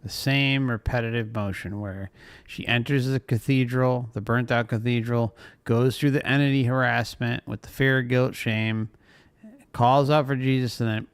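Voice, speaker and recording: A man's voice: mid-range voice, steady tone, measured pace, smooth, no room sound. A man hosting a channel, giving casual recap commentary in a loose, offhand way. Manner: loose, offhand delivery with fillers and restarts. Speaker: channel host.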